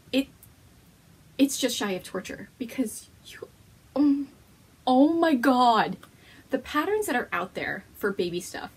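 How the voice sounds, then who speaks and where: A woman's voice: on the high side, breathy edge. A woman hosting a knitting podcast, chatting casually at home to the camera, bubbly and gushing, laughing often.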